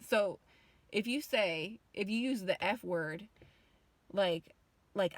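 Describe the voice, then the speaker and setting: A woman's voice: mid-range voice, takes it slowly, long pauses, no echo. A woman in her thirties ranting casually to her viewers, rambling and emotional, with frequent swearing. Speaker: vlogger. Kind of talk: casual rant to camera.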